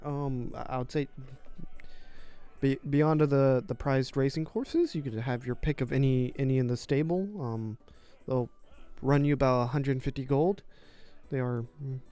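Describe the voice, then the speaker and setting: A man's voice: medium pitch, warm tone, clear, resonant tone, lightly acted. A man voicing a flustered adult female stable keeper who stammers and apologizes as she talks.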